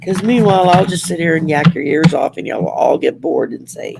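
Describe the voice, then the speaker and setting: A woman's voice: low voice, a little fast, creaky, heavy background noise. A woman with a Southern accent hosting a casual livestream, reading oracle cards in a folksy, rambling way with many fillers. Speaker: host doing oracle card readings. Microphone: home setup by a window.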